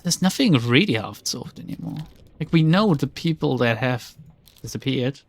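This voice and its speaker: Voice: medium pitch, expressive, moderate pace. A streamer giving casual let's play commentary in an exasperated, sarcastic tone, often swearing.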